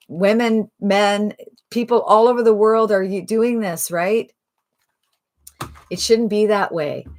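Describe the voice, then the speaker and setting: A woman making a persuasive live sales pitch on a phone livestream, upbeat and full of rhetorical questions. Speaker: online marketing presenter.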